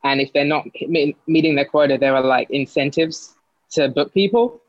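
A man's voice: fairly high pitch, moderate pace, dry recording, lo-fi sound. A man in casual conversation, telling a story with lots of likes and restarts.

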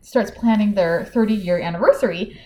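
A woman's voice: medium pitch, normal speed, reverberant. A woman co-hosting a book podcast, chatting casually and animatedly acting out dialogue as she recaps the plot. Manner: animated, acts out dialogue while retelling the plot.

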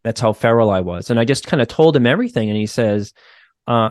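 A man's voice: mid-range voice, fast talker, no room sound, studio quality. A man with a faint Boston accent, a therapist guest telling a story in a casual podcast conversation, full of "like" and "you know". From Boston area, United States. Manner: animated storyteller, many "like" and "you know" fillers.

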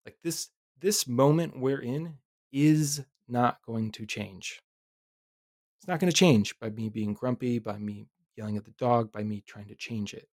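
A man in his thirties hosting a podcast, telling a personal story in a reflective, animated way with casual swearing. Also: medium pitch, unhurried, no echo, studio quality. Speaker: podcast host.

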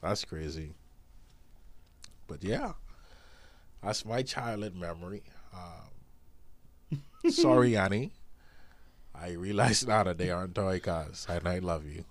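A low-voiced man co-hosting a laid-back podcast, his pitch swinging widely as he jokes and teases. The sound is dry and close, with no room echo. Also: slow pace, long pauses. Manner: animated, joking, laughs often. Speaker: podcast co-host. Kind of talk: casual chat.

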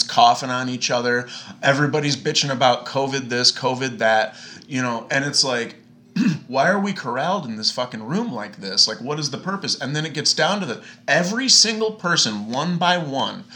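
A man's voice: mid-range voice, bright, forceful tone. A man in his late thirties telling a travel story in a casual podcast chat, swearing and ranting with exasperation. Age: 30s. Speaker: podcast guest.

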